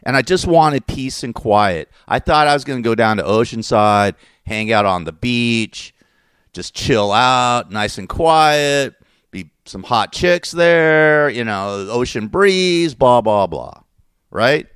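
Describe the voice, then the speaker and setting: A man's voice: medium pitch, expressive, takes it slowly, fairly bright tone, clear, resonant tone, no room sound, studio quality. A man telling a rambling, exasperated story, often cursing and correcting himself as he goes. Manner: curses and self-corrects. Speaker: vlogger telling a personal story. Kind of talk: casual rant.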